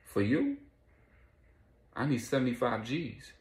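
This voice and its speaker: A man's voice: mid-range voice, animated, slow pace, pitched above the performer's own voice. A man voicing a tough female crime boss with blunt street talk, in an echoey room.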